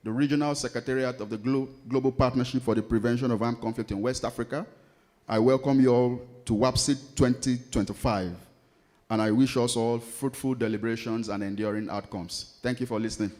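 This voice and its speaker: A man's voice: mid-range voice, fairly even intonation, a little mellow. Man giving a formal welcome speech. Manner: measured, read-out formal delivery. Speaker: Director General giving welcome address. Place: conference hall.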